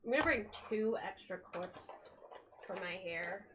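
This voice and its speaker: A woman's voice: medium pitch, a little slow. A young woman streamer chatting casually and rambling while packing at home, swearing offhandedly. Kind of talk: casual live-stream chat. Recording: steady background noise.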